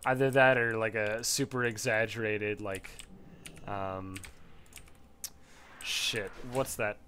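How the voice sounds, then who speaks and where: A man's voice: fairly low pitch, steady tone, takes it slowly, sharp tone, slight background noise. A man giving casual, rambling gameplay commentary while leveling a character, swearing freely and laughing often.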